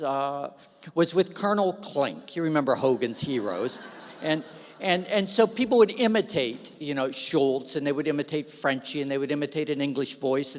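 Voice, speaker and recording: A man giving a self-deprecating, storytelling speech from the stage at an awards gala, speaking into a stage microphone. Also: on the high side. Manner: self-deprecating, animated anecdotes. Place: large hall. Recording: long hall reverb.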